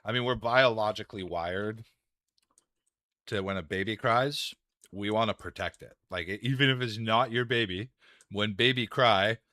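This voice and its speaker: A young gaming streamer chats casually from a home room while playing, rambling, swearing, and laughing often between thoughts. His voice is lowish and sharp-toned at a moderate pace, with no room sound.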